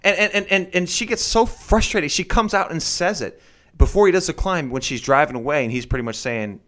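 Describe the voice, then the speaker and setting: Animated man acting out quotes. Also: fairly high pitch, a little fast. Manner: animated storyteller who acts out quotes in shifting voices. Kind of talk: casual chat.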